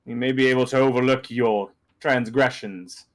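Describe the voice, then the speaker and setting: A man's voice: mid-range voice, fairly even intonation, normal speed, close to an everyday voice. A man voicing a stern, suspicious male guard commander who speaks in formal, old-fashioned commands for a tabletop game.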